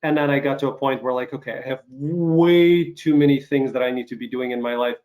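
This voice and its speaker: A man's voice: medium pitch, a little fast, darkish tone. A man hosting an interview over a video call while getting over covid, talking in loose rambling sentences full of fillers and restarts. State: recovering from covid, some coughing. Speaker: podcast host. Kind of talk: casual interview chat.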